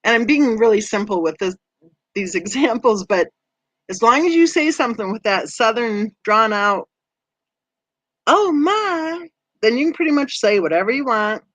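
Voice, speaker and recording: A woman's voice: a little high, animated, moderate pace, no room sound. Chatty woman hosting a true crime stream. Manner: chatty, conversational, laughs often. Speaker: true crime channel host. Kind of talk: livestream chat reading comments.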